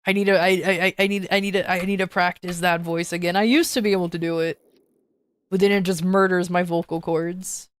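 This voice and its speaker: A woman's voice: on the low side, fairly even intonation, fairly quick, no room sound. A woman streamer chatting casually with her viewers, playful and joking, laughing often. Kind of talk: casual live-stream chat.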